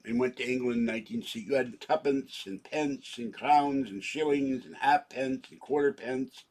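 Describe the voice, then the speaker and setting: A man's voice: mid-range voice, moderate pace, a little mellow. A man in his seventies rambling through a home vlog, joking and interrupting himself as he goes. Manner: rambling, jokey, self-interrupting. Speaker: channel owner.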